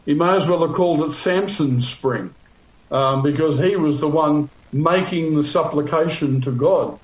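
A man's voice: on the high side, moderate pace, roomy sound, dull audio. A male pastor teaching a Bible passage in a sermon, conversational with frequent fillers, restarts and wry asides.

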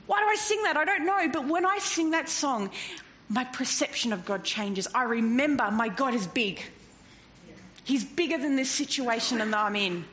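A woman preaching a sermon in an animated way, swinging from loud to hushed and often laughing. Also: on the high side, normal speed. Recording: dull lo-fi recording with faint noise.

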